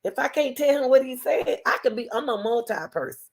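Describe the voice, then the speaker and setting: A woman's voice: high voice, lively intonation, fairly quick, darkish tone. A woman, hosting her channel and talking casually to camera, playful and teasing, laughing often and calling people baby and sweetie. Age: 60s. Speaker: channel host.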